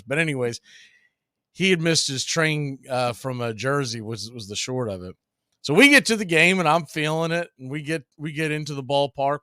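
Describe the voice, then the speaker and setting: A middle-aged man doing casual baseball play-by-play, telling long stories between pitches and laughing as he goes. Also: lively intonation, moderate pace, pushed and bright, no room sound, clean studio sound.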